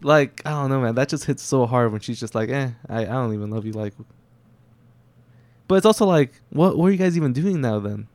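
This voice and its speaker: A man talks through a film with a friend in an easy, laid-back way. He leans on "like" and "dude" as he thinks aloud. His voice sounds dry and close, with a middle pitch. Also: animated, a little fast, a little mellow, dry recording. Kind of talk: casual movie discussion.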